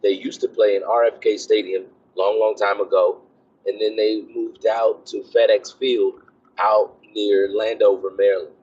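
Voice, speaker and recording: Husky guy with a lowish voice rambling on in a vlog, dull lo-fi sound. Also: level tone, normal speed, a little mellow. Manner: rambling, conversational, many fillers. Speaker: vlogger, military officer. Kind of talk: casual talking-head vlog. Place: driving onto a military base.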